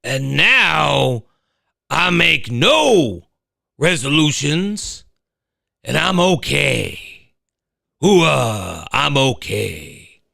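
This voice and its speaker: Man putting on a gravelly tough guy, bellowing, slow and drawn out. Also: on the high side, big pitch swings, sharp tone, no room sound, studio quality, heavily acted. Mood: defiant.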